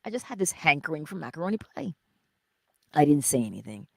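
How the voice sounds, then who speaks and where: Middle-aged woman host, low husky voice, chatty live-stream storyteller who slips into whispers, dry close sound. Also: sing-song, brisk, no room sound. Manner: chatty storytelling, drifts into soft whispers, laughs often. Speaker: host of a morning livestream. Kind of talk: casual spiritual chat to live viewers.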